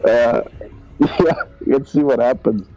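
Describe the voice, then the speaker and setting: A man's voice: medium pitch, slow, dark tone, faint music behind, low-quality recording. A man with a South African accent, casually describing his character's moves in a tabletop game, hesitant with fillers. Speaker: player. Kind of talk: tabletop role-play chat.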